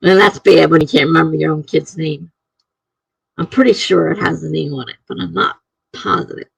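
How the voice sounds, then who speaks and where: A woman's voice: low-pitched, fairly quick, creaky, husky, no echo, rough recording. A middle-aged woman streaming live, chatting casually and chuckling as she reads out viewer comments.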